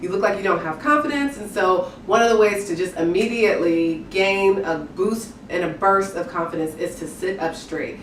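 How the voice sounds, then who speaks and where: A woman's voice: mid-range voice, moderate pace, hardly any pauses, a little hiss or hum. A young adult woman giving image tips to camera in an upbeat, candid, chatty way. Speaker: image consultant. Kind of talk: direct-to-camera tips video. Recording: echoey room, voice from a distance.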